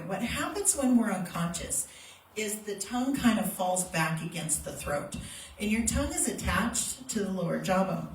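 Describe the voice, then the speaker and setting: Woman CPR instructor, practical and demonstrative, handheld mic a bit off, roomy space with faint background hum. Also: lowish voice. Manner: plain, practical, demonstrative teaching with acted-out shouts. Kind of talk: hands-on first aid workshop. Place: workshop room with a live group. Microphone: handheld microphone. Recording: echoey room, mic held at a distance, faint ambient noise.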